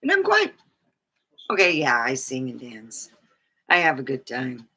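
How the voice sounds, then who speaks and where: A woman's voice: a bass voice, huge pitch swings, a little slow, sharp tone, husky, rough recording. A woman vlogger rambling in casual live-stream chat, with many fillers and asides.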